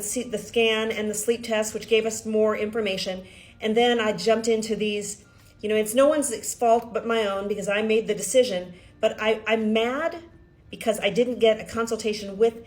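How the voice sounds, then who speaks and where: Chatty middle-aged woman vlogging. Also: medium pitch. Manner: chatty and rambling, often restarts and self-corrects. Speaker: vlogger sharing a personal health journey. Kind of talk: casual storytelling to camera.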